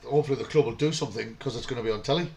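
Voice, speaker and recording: A man's voice: medium pitch, creaky, a little hiss or hum. A man, co-hosting a fan live stream and chatting casually about football, telling stories with some swearing. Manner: quick, chatty storytelling with swearing.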